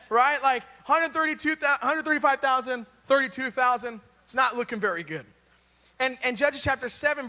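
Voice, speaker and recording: High, bright-voiced preacher in a hall. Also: male voice. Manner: casual, joking retelling with rhetorical questions. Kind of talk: sermon.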